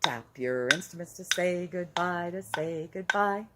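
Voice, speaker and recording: A woman telling a children's story in an animated way, gasping and asking the listeners questions, with counting and songs. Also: fairly low pitch, unhurried. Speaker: early-years educator. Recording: background hiss.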